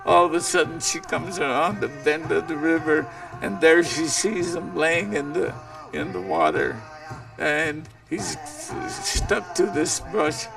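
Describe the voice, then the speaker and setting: A man telling an old legend aloud, unhurried and plain-spoken. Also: a little high, vocal fry, music in the background. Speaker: storyteller. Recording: voice distant from the mic.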